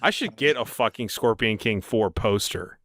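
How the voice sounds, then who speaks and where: Excitable podcast host, bright lively voice. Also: male voice, fairly low pitch, dry recording, clean studio sound. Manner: enthusiastic, excitable, quick to laugh. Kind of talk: casual interview chat.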